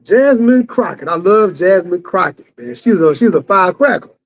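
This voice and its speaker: A man's voice: high-pitched, animated, normal speed, low-quality recording. A man from Texas, a guest on a live talk show, chatting casually in a friendly, hesitant way and stumbling over some words. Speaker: guest co-host. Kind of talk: casual chat.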